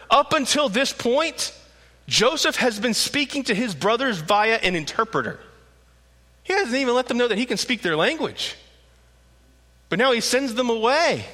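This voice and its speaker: Animated, bright-voiced male preacher. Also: extremely high pitch. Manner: animated storytelling, acts out quotes. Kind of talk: sermon. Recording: echoey hall.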